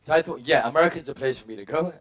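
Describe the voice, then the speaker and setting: A man's voice: mid-range voice, racing. A middle-aged man giving a motivational talk, telling personal stories and acting out his own thoughts in short punchy bursts. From England. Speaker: motivational speaker.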